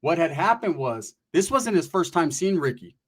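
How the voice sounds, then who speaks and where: A man telling a comic story in an animated, slangy way, laughing between lines. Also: fairly high pitch, moderate pace, breathy edge.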